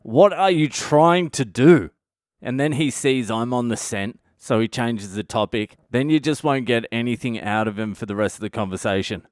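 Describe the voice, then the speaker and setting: Man, comedian podcast host, comic storytelling monologue, swears a lot, smooth voice, dry close sound. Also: medium pitch, fairly quick, few pauses, dry recording. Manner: profane, blunt, animated retelling.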